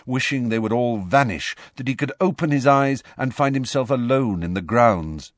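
Reading scripted audiobook narration, this man keeps a measured pace while staying expressive. His pitch is medium, the sound is studio quality, and there's no echo.

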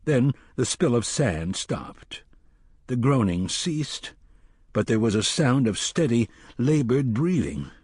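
A man reading a dark fantasy audiobook in a measured, deliberate way. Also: medium pitch, big pitch swings, slightly rough, no room sound, studio quality. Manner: measured, slowing for tension. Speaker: narrator. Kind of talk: audiobook narration.

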